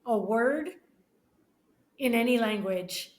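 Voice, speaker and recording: A middle-aged woman, a podcast guest, telling a personal story with many restarts and pauses, often emotional. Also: on the high side, a little mellow. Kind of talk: casual conversation.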